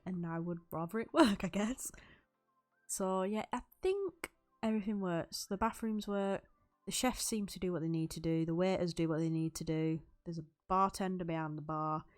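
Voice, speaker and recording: A woman's voice: on the low side, normal speed, darkish tone, soft background music. A young woman chatting loosely over a game build, rambling and laughing often. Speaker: YouTube Sims builder. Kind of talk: recorded voiceover over gameplay.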